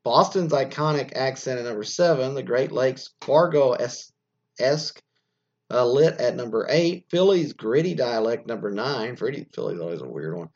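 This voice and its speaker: An American man talks in a loose, opinionated podcast style, stumbling over restarts and fillers as he reads out news and wanders off on tangents. His voice is husky and sits at an ordinary pitch. The recording sounds dull and lo-fi. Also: expressive, moderate pace. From United States. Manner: rambling, frequent restarts and fillers, reads news aloud then riffs. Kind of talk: casual opinionated commentary.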